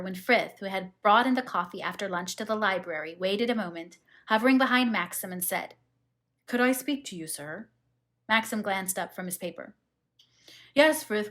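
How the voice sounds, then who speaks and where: A woman narrates a classic novel as an audiobook reader. Her reading is steady and measured, in a voice of middle pitch for a woman.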